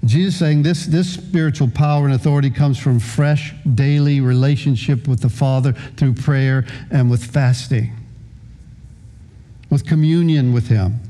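A man's voice: mid-range voice, a little slow, dark tone. A man in his sixties preaching a sermon as a pastor, often repeating words as he starts a phrase.

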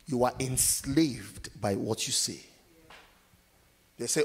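Husky-voiced preacher man in a reverberant hall. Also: mid-range voice, a little slow, long pauses. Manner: call-and-response preaching, asks the congregation to finish verses; acts out scenes in loud sudden shouts. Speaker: pastor. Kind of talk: sermon.

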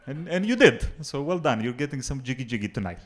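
A young Macedonian man with a Macedonian accent performing a stand-up comedy set in a club, mixing deadpan jokes with crowd work. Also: mid-range voice, fairly quick. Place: comedy club before a live audience.

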